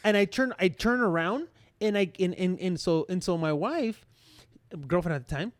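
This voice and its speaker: A young man in his twenties co-hosting a podcast, telling an embarrassing story in a rambling, animated way full of fillers and restarts. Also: sits high, moderate pace, dry recording. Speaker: podcast co-host. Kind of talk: casual storytelling.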